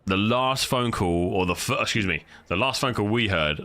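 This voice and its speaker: A man's voice: on the low side, lively intonation, moderate pace, bright, forceful tone. A man live streaming, chatting casually with his viewers as he reacts, swearing freely and greeting people in chat by name.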